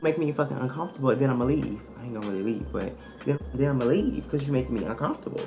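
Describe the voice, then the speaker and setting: A woman vlogger telling a storytime in a casual, blunt and profane way, animated and emphatic as she retells it. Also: rumbling low, very fast, vocal fry, over music.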